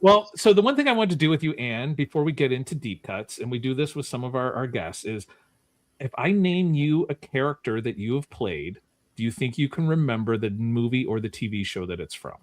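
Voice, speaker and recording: A man's voice: mid-range voice, animated, a little fast. A man hosting a podcast, chatty and playful as he talks with his guest. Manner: chatty, playful, warmly teasing. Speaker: podcast host. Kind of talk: casual podcast chat.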